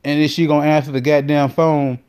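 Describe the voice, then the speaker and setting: Brief: male podcast host, fairly high pitch, loose and profane comic storyteller. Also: fairly quick, clear, resonant tone. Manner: profane, animated, lots of fillers. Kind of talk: comedic storytelling monologue.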